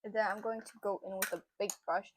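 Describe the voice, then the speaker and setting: A woman's voice: mid-range voice, fairly even intonation, quick pace, slight background noise. A young woman narrating a makeup tutorial in a chatty, casual way, with lots of fillers. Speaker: beauty vlogger.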